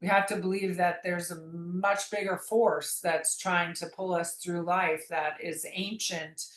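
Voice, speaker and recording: A woman's voice: lowish voice, flat delivery, measured pace, roomy sound, poor audio. A woman guest talking about her memoir in an earnest, rambling way, often restarting her sentences. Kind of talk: reflective conversational interview.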